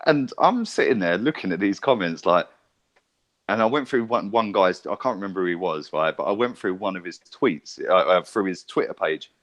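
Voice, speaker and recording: A man's voice: low voice, expressive, normal speed, fairly bright tone. A man, telling rambling stories and swearing freely as a podcast co-host. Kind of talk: casual chat.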